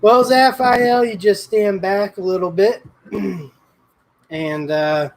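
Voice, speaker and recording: Male livestream host, slow-talking, higher voice, rambling chat with viewers. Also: steady tone, poor audio. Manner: laid-back, rambling, greets viewers by name. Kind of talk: casual livestream chat reading comments.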